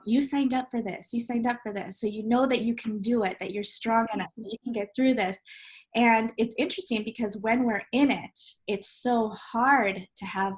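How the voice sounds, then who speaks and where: A woman hosting as a life coach, talking in an encouraging, upbeat way. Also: fairly high pitch. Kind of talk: casual conversation.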